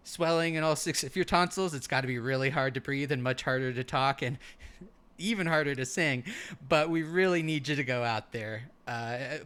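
A man's voice: medium pitch, a bit bright, clear, resonant tone. A man co-hosting an improvised comedy podcast in character as a park ranger, rambling with lots of fillers and restarts. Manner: rambling, halting, full of fillers.

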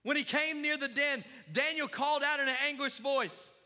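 High, bright-voiced preaching pastor. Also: male voice, fairly even intonation, normal speed. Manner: fervent preaching with crowd call-outs. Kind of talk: sermon. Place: church sanctuary. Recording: long church reverb.

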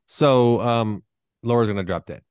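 A man's voice: medium pitch, unhurried, darkish tone, smooth, no room sound. A man hosting a casual podcast chat, joking and teasing his co-hosts. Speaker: podcast host.

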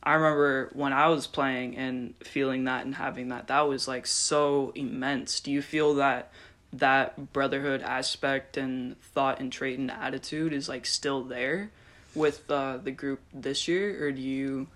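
A man's voice: mid-range voice, steady tone, a little slow, fairly bright tone. Young guy hosting a chill podcast, rambles, says like a lot. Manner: rambling, many "like" fillers. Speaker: podcast host. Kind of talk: casual interview chat.

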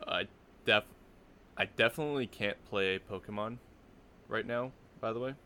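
A man's voice: lowish voice, moderate pace, pushed and bright, slight background noise. A man co-hosting a casual podcast, rambling and joking with frequent "like" fillers. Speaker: podcast co-host. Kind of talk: casual chat.

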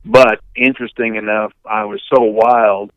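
Older male guest, Michigan-raised, resonant, dry close mic, animated storyteller. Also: fairly low pitch, moderate pace, clean tone, no echo, highs cut off. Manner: animated anecdote teller, mimics yelping dogs and shouting people. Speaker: podcast guest, retired baseball pitcher. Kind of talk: casual storytelling chat.

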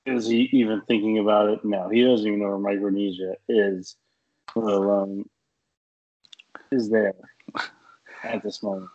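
A man's voice: on the low side, flat delivery, normal speed, long pauses, mellow, lo-fi sound. A man co-hosting a podcast, wry and teasing in casual chat. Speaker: podcast co-host.

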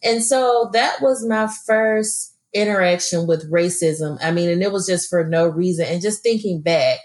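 A woman's voice: fairly low pitch, normal speed, a little mellow. A woman from Alabama, co-hosting a podcast and telling a personal story in an earnest, emphatic way. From Birmingham, Alabama. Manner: earnest, emphatic, frequent fillers. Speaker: podcast co-host.

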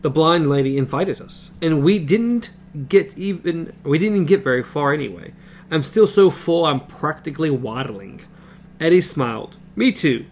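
Man, reading a novel aloud, higher voice, casual asides, faint hum. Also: expressive, normal speed. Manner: reads with comments and self-corrections. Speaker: reader.

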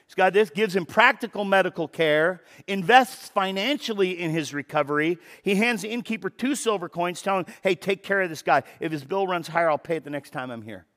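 Emphatic preaching man, hushed to booming. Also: a little fast, few pauses. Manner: animated preaching, shifting from hushed to loud emphatic bursts; repeats words for emphasis, breaks into quoted dialogue. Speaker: pastor. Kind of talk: sermon.

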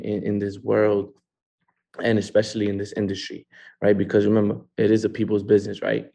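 A man's voice: fairly low pitch, vocal fry, dark tone. A man hosting a live online training call from a home, talking in an upbeat way and repeating words for emphasis. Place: a home in California.

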